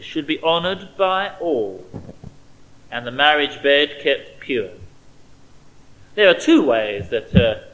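Emphatic man preaching, lively pitch. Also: rough recording. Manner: emphatic, rising on key words, dropping to quiet asides. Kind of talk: expository sermon.

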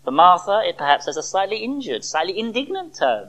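A preacher giving a sermon to a church service, expressive, with dramatic pauses and rhetorical questions. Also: mid-range voice, rough recording.

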